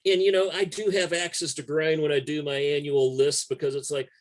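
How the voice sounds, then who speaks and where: A man's voice: a little high, flat delivery, normal speed. A man, a music writer guest telling stories in a casual, profane and emphatic way. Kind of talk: casual conversation.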